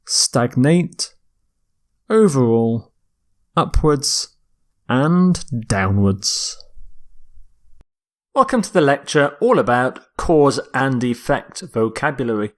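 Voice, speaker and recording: A man teaching English vocabulary in a lecture, explaining words slowly and deliberately and sometimes correcting himself mid-sentence. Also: medium pitch. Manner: slow, deliberate, with self-corrections.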